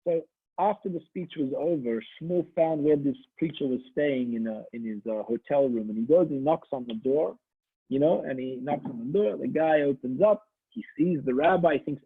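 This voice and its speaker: Husky rabbi on a tinny line. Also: male voice, fairly high pitch, normal speed. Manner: conversational, with frequent restarts. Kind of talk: holiday sermon with storytelling. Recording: tinny phone-like audio.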